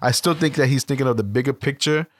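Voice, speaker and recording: A man talks through a TV episode in a laid-back, slangy way, with lots of filler. His voice is mid-pitched for a man. The recording is dry and close. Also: fast talker, a bit bright, no room sound. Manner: slangy, laid-back, says yo and you know what I mean. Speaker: podcast co-host. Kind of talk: casual chat about a TV show.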